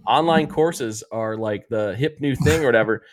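A man's voice: mid-range voice, moderate pace, slight background noise. A man in casual chat, rambling through favorite TV episodes and acting out the characters' lines, with lots of fillers. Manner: rambling storyteller, acts out quotes, many fillers. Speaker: podcast co-host.

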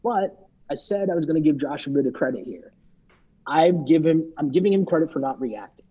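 A man's voice: fairly high pitch, animated, brisk, breathy edge. A man co-hosting a podcast, chatting loosely and joking as he recaps and mimics people. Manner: rambling, joking, imitates people he talks about. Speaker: podcast co-host. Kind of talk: casual podcast recap chat. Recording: dull lo-fi mic sound.

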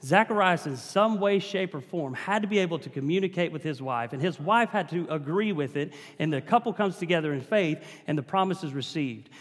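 A man preaching a sermon in a church, his voice sitting a little higher than most men's. He builds emphasis and calls out to the congregation as he goes. The sound rings with the long reverb of a large hall. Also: lively intonation, fairly quick, hardly any pauses.

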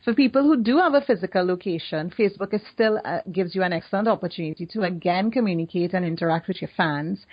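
A woman with a Trinidadian accent, co-hosting a casual podcast chat and laughing easily. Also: lowish voice. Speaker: podcast co-host. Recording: dull lo-fi sound.

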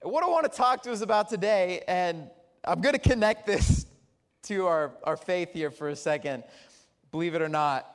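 A man's voice: high voice, normal speed. A man preaching a sermon as pastor in a church, telling stories in a chatty, humorous way. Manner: lively, chatty storytelling with humor. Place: church sanctuary. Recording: long church reverb.

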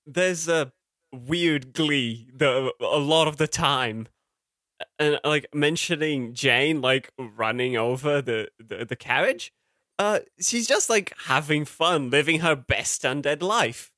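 A man's voice: fairly high pitch, animated, slow, sharp tone, dry recording, clean studio sound. A man co-hosting a podcast, chatting about films with wry asides and hesitant restarts. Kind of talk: casual film discussion.

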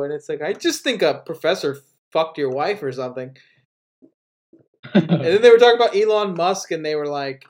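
A man's voice: on the high side, lively intonation, normal speed. A man hosting a casual podcast, joking and swearing, who quotes people in mocking voices. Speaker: podcast host.

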